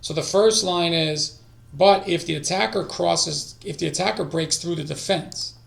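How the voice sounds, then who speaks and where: Male streamer, casual self-talk, rough fry in the voice, roomy echo. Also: a little high, normal speed. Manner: talks to himself, drifting into quiet mutters. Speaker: streamer learning languages. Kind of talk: casual live-stream study session. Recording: echoey room.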